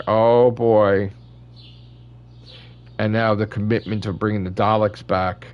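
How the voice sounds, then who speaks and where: Hosting his own channel, a man with a deep voice rants through casual fan commentary, offering blunt opinions and swearing constantly. A little hiss or hum sits under the recording.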